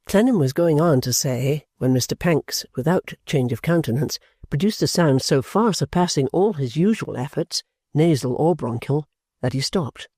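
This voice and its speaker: A man narrates a classic novel in a steady, even voice. His tone is warm and mellow. He is recorded close on a studio mic, with a dry sound and no room echo. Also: a little high, normal speed, husky. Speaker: audiobook narrator. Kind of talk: scripted narration.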